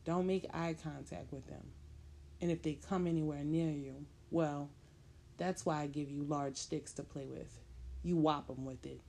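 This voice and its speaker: A woman's voice: low voice, fairly even intonation, unhurried, creaky, mellow, heavily acted. A woman voicing a fiercely protective young mother who speaks sternly and intensely. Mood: fierce tender.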